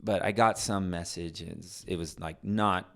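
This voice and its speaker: A podcast guest in middle age speaks with a low-pitched, creaky voice at a slightly slow pace. He tells stories in conversation with animation, imitating voices, and he frequently starts sentences over or lets them fade out.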